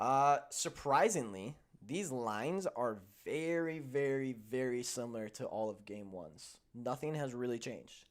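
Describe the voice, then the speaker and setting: Young guy hosting a betting show, swears a lot, gets heated telling stories then grumbles low, voice not high or low. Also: moderate pace. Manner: animated, profane storytelling that swings from heated to grumbling. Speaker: sports betting show host. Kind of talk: casual chat.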